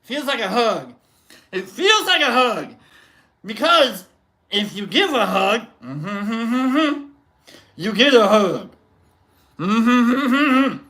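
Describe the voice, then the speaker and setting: A livestream host in casual, goofy chat, rambling with many fillers while giving shoutouts to viewers. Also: medium pitch, very animated, slow, long pauses.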